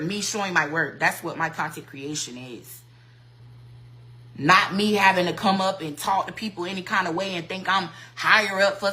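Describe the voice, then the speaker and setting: A woman who works as a hairstylist, ranting bluntly and loudly into her phone on a livestream, full of profanity and combative. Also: mid-range voice. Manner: profane, blunt and combative, talks loud on purpose. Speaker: hairstylist and social media creator. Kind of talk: heated livestream rant. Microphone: phone mic.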